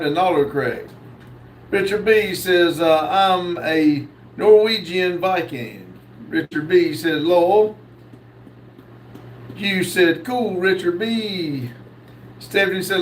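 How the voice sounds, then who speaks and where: Slow-talking man reading chat aloud. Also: high voice, reverberant, recorded from a distance, slight background noise, low-quality recording. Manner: slow, reads comments aloud with many uhs. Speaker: host reading live chat. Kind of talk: casual live stream chat.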